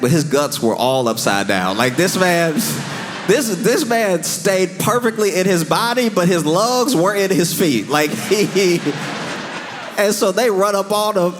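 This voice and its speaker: Male stand-up comedian, animated storytelling, fairly high voice, stage mic, faint room noise. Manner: animated storytelling, acts out scenes.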